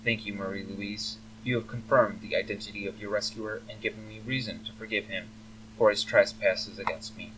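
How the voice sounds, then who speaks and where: A man voicing a cold, aristocratic elf father who speaks in a formal, measured, icy way. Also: lowish voice, fairly even intonation, noisy background, lightly acted. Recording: faint humming, slightly distant mic.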